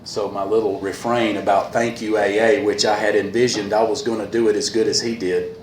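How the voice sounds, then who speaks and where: Earnest low-voiced man in an echoey room. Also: level tone. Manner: earnest, repeats a refrain, halting with fillers. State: a little emotional. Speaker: recovery meeting speaker. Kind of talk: personal talk at a meeting. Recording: echoey room with faint hiss.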